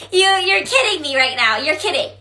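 A woman's voice: very high-pitched, heavy background noise, exaggerated voice. A woman playing a dramatic teenage girl in a comedy skit, talking in a sassy, dramatic way. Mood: outraged. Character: dramatic teen girl hyping and scolding best friend.

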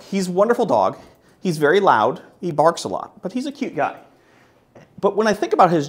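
A man giving a live talk at a tech meetup, upbeat and joking, with many fillers. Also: medium pitch. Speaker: conference speaker. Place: meetup presentation room.

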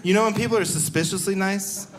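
A man's voice: high-pitched, fast talker. A young man performing a stand-up comedy set on a live stage, telling stories and acting out the voices of the people in them. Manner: animated storytelling, acting out voices.

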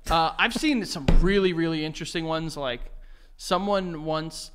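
A man's voice: on the high side, moderate pace, noisy background. A man co-hosting a podcast, chatting casually and loosely, swearing and restarting his sentences a lot. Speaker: podcast co-host. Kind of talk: casual chat.

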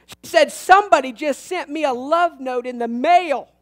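A man preaching a sermon as pastor, animated and folksy, swinging from loud bursts to hushed tones and telling humorous stories. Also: very high voice, normal speed.

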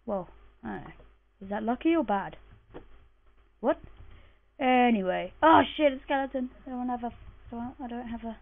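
A woman's voice: a little high, moderate pace, creaky, pauses often. A woman giving casual let's-play commentary, chatty and sleepy, muttering and swearing to herself as she plays. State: groggy, just woken up. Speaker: gamer commentating her play. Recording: tinny lo-fi mic.

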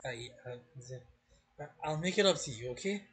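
A man reading a gentle young coffin maker. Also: on the high side, animated, moderate pace, husky, exaggerated voice. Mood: apologetic. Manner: soft-spoken, apologetic. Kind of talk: reading game dialogue aloud.

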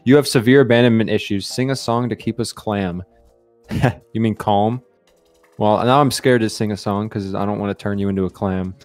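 A young man streaming a game live, chatting casually and excitedly while greeting his viewers. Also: fairly low pitch, moderate pace, faint music behind.

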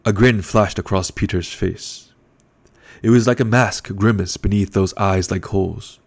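A man narrating an audiobook in a measured, calm storytelling manner. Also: fairly low pitch, slightly rough. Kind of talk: scripted narration.

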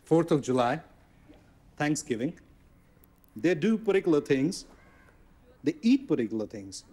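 An actor playing a pedantic trainer teaching a class and correcting students. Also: male voice, fairly high pitch, big pitch swings, a little slow, dark tone, breathy edge, full character voice. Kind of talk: classroom instruction.

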